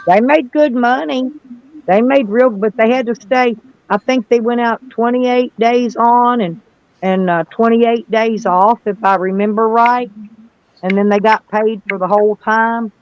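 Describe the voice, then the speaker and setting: Rambling woman, high-pitched, muffled. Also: measured pace, a little mellow, slight background noise. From Southern United States. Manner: rambling, folksy, swears freely. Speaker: livestream host. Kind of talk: casual chat. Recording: slightly muffled dry audio.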